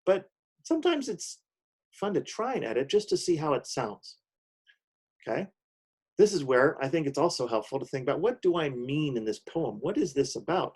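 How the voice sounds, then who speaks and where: A man's voice: a little high, sing-song, normal speed, darkish tone, breathy edge, rough recording. A man teaching a recorded poetry lesson, explaining step by step and checking in often with "okay?".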